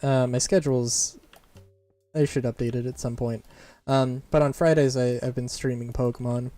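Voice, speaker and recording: A voice actor who streams chats casually during a live game session, rambling, restarting sentences, and laughing. The voice has medium pitch, fairly even intonation, and a moderate pace, mellow and free of echo. Faint game music and keyboard typing run in the background.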